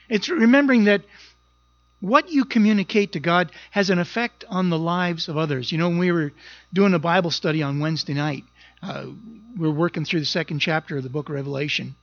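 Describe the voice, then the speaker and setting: Male pastor, high voice, earnest and emphatic, dry and slightly muffled sound. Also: brisk, no room sound. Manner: earnest, emphatic, often repeating words as he goes. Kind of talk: sermon.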